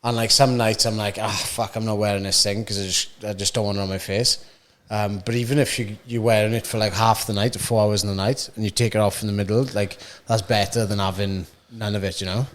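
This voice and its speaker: A man's voice: on the low side, fairly even intonation, a little fast, hardly any pauses. A young man co-hosting a podcast, rambling with fillers and frequent swearing in casual chat. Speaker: podcast co-host.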